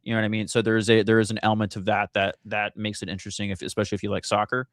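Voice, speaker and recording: Excited co-host, dry close mic. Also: male voice, on the low side, very fast, no room sound. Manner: enthusiastic, emphatic, casual. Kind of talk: casual talk show banter.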